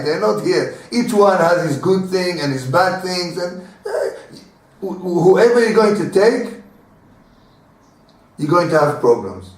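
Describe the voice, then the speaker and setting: Rabbi guy giving a casual torah class, repeats himself a lot, far off mic in a big echoey room. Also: high voice. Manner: animated, repeats words, acts out little dialogues with laughs. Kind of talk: informal Torah lesson.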